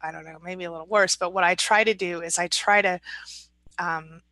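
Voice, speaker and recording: A woman's voice: fairly low pitch, steady tone, moderate pace, sharp tone, no room sound, rough recording. A woman in her forties hosting a live stream as a support coach, reading viewer comments aloud and giving reassuring, chatty advice. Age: 40s. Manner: reassuring, chatty, frequent restarts and fillers.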